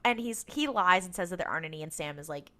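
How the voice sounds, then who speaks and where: A woman's voice: lowish voice, lively intonation, quick pace, pushed and bright. A woman co-hosting a casual recap podcast, telling the story with lots of energy, acting out lines and laughing often. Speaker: podcast co-host.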